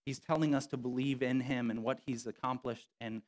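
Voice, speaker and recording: A man preaching a sermon as a pastor, animated and conversational, acting out quotes from scripture in his own voice. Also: medium pitch, a little fast.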